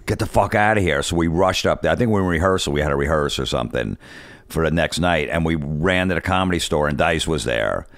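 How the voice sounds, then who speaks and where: Deep-voiced New guy telling stories. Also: lively intonation, fast talker, a bit bright, dry recording. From New York. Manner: rambling anecdotes, acts out other people's lines. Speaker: guest comedian. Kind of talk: casual storytelling chat.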